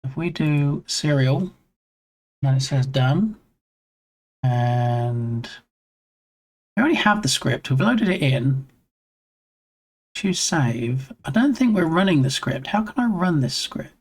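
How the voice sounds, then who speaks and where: A game-dev streamer talks through a stubborn device connection, half to themself and half to chat. The voice sits at an ordinary middle pitch. They read menu text aloud in a flat murmur, then brighten to welcome someone who has just arrived. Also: slow, long pauses. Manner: muses to self, reads screen text aloud, chats with viewers. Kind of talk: live-stream thinking aloud while troubleshooting. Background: headphones on.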